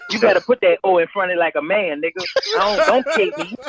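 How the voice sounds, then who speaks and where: A man co-hosting a casual podcast, ranting in an animated, profane way with lots of repeated fillers. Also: high voice, quick pace. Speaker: co-host. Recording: muffled with loud crowd noise.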